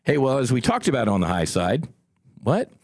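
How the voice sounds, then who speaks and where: A man's voice: mid-range voice, wildly swooping pitch, normal speed, a little mellow, breathy edge, no room sound. A middle-aged man, a former fighter pilot, hosting a solo podcast in a studio, talking in a blunt, combative and profane way with folksy asides to his listeners.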